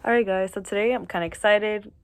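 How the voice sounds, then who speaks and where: Woman vlogger, casual and jittery, mid-pitched, dry close sound. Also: steady tone, fast, no room sound. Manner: chatty, nervous, with fillers and restarts. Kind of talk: casual chat to camera. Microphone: camera mic, reading notes off camera.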